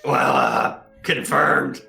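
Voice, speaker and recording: A man's voice: medium pitch, wildly swooping pitch, drawn-out words, vocal fry, sharp tone, echoey room, faint music behind. A man playing in a tabletop game in casual back-and-forth, peppered with fillers. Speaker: player. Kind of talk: casual tabletop role-play.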